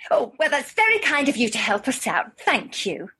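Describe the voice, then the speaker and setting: A woman's voice: sits high, big pitch swings, normal speed, noisy background. An actress playing a fussy, flustered woman helping to run an amateur show in a comedy audio drama.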